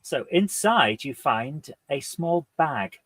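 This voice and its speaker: Relaxed man running a tabletop game. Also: on the high side, slow pace, dry recording. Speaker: game master.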